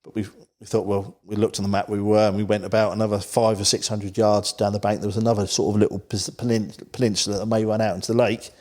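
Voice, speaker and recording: A man chats as a podcast guest, his voice sitting low. He tells his story loosely and packs it with "you know" asides. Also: little pitch movement, fast, hardly any pauses, darkish tone. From England, Isle of Wight. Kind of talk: casual storytelling chat.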